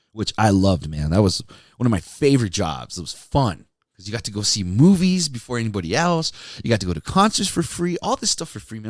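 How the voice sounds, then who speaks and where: Deep-voiced and recorded in clean studio sound with no room noise, this podcast host, once a radio DJ, spins stories in a relaxed monologue. He laughs frequently and leans on words like "dude" and "man."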